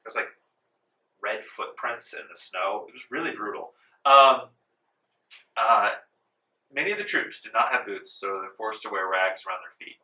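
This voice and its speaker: A man runs a tabletop game in a casual, rambling way full of fillers. His voice is very bright and sharp. He sits at a middling pitch and sounds far from the mic in an echoey library room. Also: animated, moderate pace, long pauses. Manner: casual, filler-heavy narration. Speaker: game master. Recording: roomy room, distant mic.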